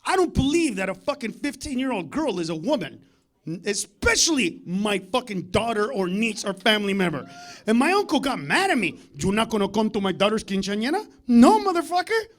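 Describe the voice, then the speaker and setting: Man, stand-up comedian, very high-pitched voice, loud profane rants, comedy club stage. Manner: loud, profane, ranting delivery. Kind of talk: live stand-up routine.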